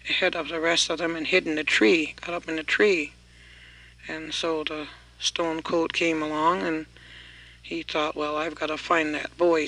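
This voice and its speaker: A man telling a traditional folk tale in a folksy, unhurried way, often repeating "he says". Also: on the high side, pushed and bright, rough recording. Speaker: storyteller.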